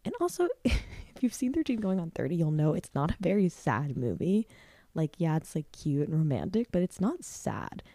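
A woman's voice: sits low, sing-song, normal speed, warm tone, no echo. A woman hosting a solo podcast, talking in a rambling, heartfelt way full of "like" and restarts. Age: 20s. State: near tears at times. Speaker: podcast host.

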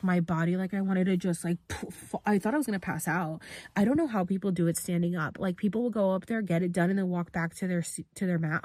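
A young woman casually telling a personal story on her podcast, full of "like" and animated bits where she acts out her own panicked reactions. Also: mid-range voice, no room sound, clean studio sound. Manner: heavy use of "like", informal swearing. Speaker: podcast host.

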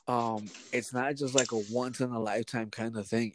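A man's voice: mid-range voice, moderate pace, dark tone, dry recording. A man co-hosting a casual podcast chat, talking earnestly and hedging a lot with "like". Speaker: podcast co-host.

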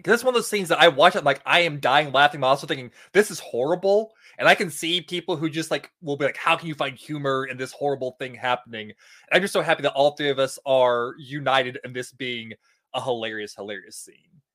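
A man's voice: mid-range voice, fairly quick, a bit bright. A man co-hosting a podcast, chatting casually with an enthusiastic, laughing manner. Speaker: podcast co-host. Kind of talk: casual chat.

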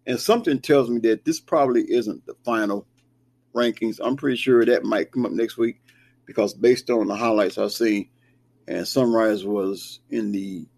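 A man's voice: medium pitch, a little mellow. A man hosting a casual sports talk show, reading down a rankings list with chatty asides. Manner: conversational, reads list with asides. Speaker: show host. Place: Kansas, near Wichita.

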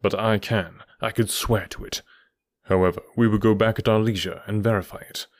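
A keen, commanding detective questions his companion in an audiobook, played by a man. He sounds eager and probing, sometimes sinking to a hushed murmur. The voice sits low and the recording is dry. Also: steady tone, brisk, no room sound, close to an everyday voice. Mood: triumphant. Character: keen, commanding middle-aged male detective. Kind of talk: audiobook character voice.

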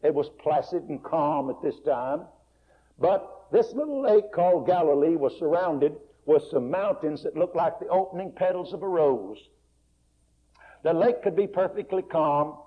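Husky-voiced man preaching a folksy sermon. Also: on the high side, expressive, normal speed. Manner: folksy, dramatic retelling with sudden soft and loud swings. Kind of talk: sermon storytelling. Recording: muffled lo-fi recording.

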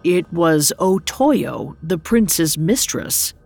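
A woman's voice: on the low side, sing-song, extremely slow, vocal fry, darkish tone, soft background music, full character voice. A woman voicing a wounded young male soldier, speaking earnestly and humbly.

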